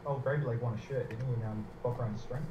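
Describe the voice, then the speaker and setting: A man co-hosting a live stream who rambles excitably and swears freely in casual banter. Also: medium pitch, quick pace. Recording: echoey, dull, noisy remote audio.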